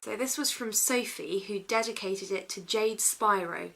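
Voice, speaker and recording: A woman's voice: mid-range voice, a little slow, creaky, hardly any pauses. Playful woman vlogging. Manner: playful and silly, jumps between dry asides and excited bursts. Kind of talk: casual vlog chat.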